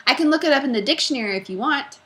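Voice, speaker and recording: A woman's voice: sits high, animated, rapid-fire, a bit bright, pitched above the performer's own voice. A woman doing a cocky, chipper schoolboy. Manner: chipper, carefree.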